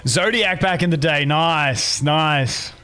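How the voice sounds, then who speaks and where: Swearing streamer, higher-pitched man. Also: slow, pushed and bright, soft background music. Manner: swears a lot, rambling storytelling with restarts. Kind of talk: casual live-stream chat.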